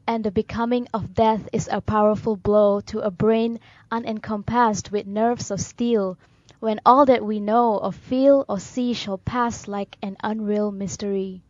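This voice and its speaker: A woman co-hosting a radio talk show, reading poems aloud in a measured, solemn way. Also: mid-range voice, fairly even intonation, a little mellow, no echo, muffled recording.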